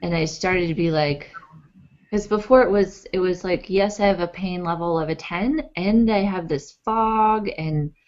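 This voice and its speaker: Telling a personal story conversationally, a woman interview guest who writes books and blogs speaks a little slowly, her voice on the low side. She's animated, filling her talk with fillers and dramatized quotes. The recording is dull and lo-fi.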